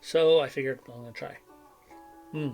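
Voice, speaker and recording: A middle-aged vlogger with a cough and headache rambles casually at the desk microphone in his home, full of fillers and self-deprecating asides. His mid-range voice has fairly even intonation, a moderate pace and a darkish tone, with soft music playing behind.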